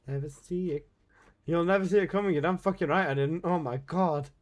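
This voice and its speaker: A man's voice: fairly high pitch, fairly quick. A young man streaming live and chatting to his viewers, exclaiming, swearing often and breaking into laughter.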